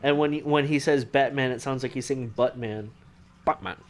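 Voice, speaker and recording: A man's voice: mid-range voice, steady tone, fairly quick. A man co-hosting a casual movie podcast, laughing along and answering with short reactions. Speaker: podcast co-host.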